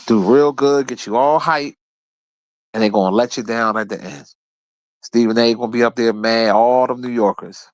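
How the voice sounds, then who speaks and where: A man's voice: medium pitch, steady tone, moderate pace, no echo. A man hosting his own show, ranting about basketball in a blunt, profane, trash-talking way. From Philadelphia area. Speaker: host. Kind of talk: casual sports rant.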